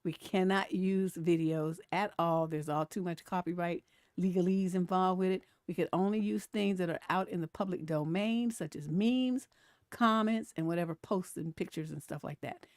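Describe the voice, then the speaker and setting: Woman host over forty, casual animated live-stream commentary, dry close recording. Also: on the low side, normal speed, no room sound. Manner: chatty and animated, laughs often, reads comments aloud.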